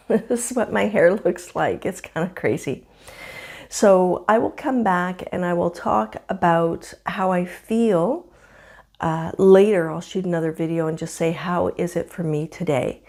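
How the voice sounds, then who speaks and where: A woman in her fifties talking candidly to camera at home in a casual vlog, with a slightly rough morning voice and frequent laughs. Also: fairly low pitch, a little slow, darkish tone. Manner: chatty and candid, laughs often. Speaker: vlogger. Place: home, indoors.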